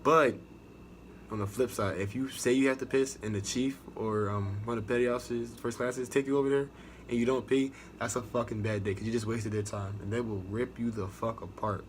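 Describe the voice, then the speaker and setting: A man's voice: medium pitch, steady tone, fairly quick, a little hiss or hum. Profane, rambling young American man. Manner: profane, rambling, restarts a lot. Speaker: navy recruit sharing experience. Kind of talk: casual storytelling vlog.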